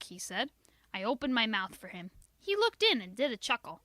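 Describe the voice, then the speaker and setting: A woman reading a children's book aloud in an expressive, sing-song storytelling manner. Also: on the high side, moderate pace, no echo. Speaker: reader.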